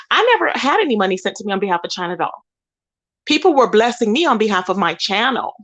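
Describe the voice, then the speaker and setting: A woman's voice: mid-range voice, big pitch swings, fast, a bit bright. A woman hosting a livestream, ranting indignantly and emphatically while greeting chat viewers. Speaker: livestream host. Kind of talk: heated livestream rant.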